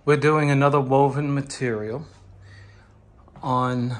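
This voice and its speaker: A man's voice: mid-range voice, steady tone, slow. A man who installs wallpaper, hosting his channel and giving a patient, step-by-step how-to tutorial from indoors at a client's home studio, encouraging the viewer as he goes.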